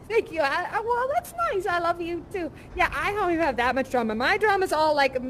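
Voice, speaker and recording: Francine, a high giggly chatterbox. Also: female voice, animated, moderate pace, a bit bright, a little hiss or hum. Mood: bubbly. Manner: giggly, gushing, full of "like" and "you know". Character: bubbly, chatty young woman worker in an underworld. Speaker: live performer in a virtual reality show. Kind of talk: improvised live role-play with visitors.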